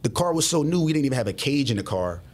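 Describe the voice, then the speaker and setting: A man, a former police officer, telling his story as a guest in a casual, profane, animated way. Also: mid-range voice, quick pace. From Southwest Philadelphia. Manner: profane, animated retelling with acted-out dialogue.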